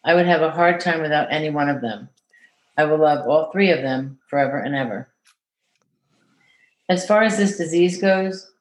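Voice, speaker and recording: A woman caregiver reading a letter aloud in an earnest, measured way, then answering interview questions. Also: sits low. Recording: echoey room.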